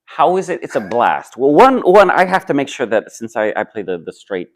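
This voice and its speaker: A man's voice: medium pitch, very animated, normal speed. A man who acts on stage, answering interview questions in a friendly, thoughtful way with a clip-on microphone. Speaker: stage actor.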